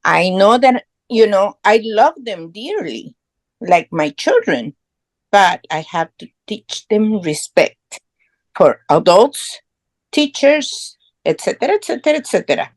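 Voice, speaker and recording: A middle-aged Guatemalan woman, a guest on a podcast, tells her story in English with earnest pride and non-native phrasing, in a casual conversational way. Her mid-range voice is very animated and her pace measured. The recording is dry.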